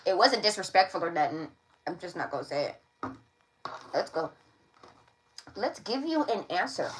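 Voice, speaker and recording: A woman's voice: fairly low pitch, slight background noise, rough recording. A woman giving a casual tarot reading to camera, slangy and playful, often checking in with her listeners. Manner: slangy, playful, keeps checking in with "all right?". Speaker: tarot reader.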